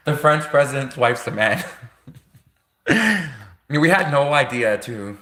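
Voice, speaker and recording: Bright-voiced Canadian man rambling live. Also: medium pitch, animated, a little slow, pauses often. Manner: repetitive, laughing often, casual filler-heavy. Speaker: livestream host.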